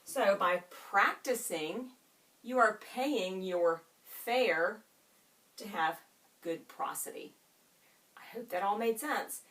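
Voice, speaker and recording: A woman's voice: medium pitch, distant mic. A woman teacher giving a reading lesson to students, asking them questions and stretching out key words. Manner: expressive, drawn-out teacherly delivery with questions to students. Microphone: camera set up in the room.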